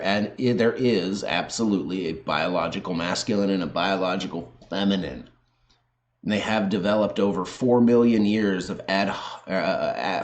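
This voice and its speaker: A man ranting on video, sarcastic and combative, swearing heavily as he argues. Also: sits low. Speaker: video host. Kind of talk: profane ranting commentary.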